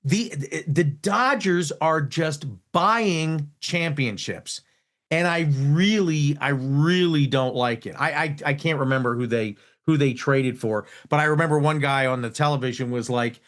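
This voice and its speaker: Animated, exasperated male radio host. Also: a little high, measured pace. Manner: animated, exasperated, frequent restarts. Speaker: radio talk show host. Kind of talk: casual on-air banter. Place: radio studio.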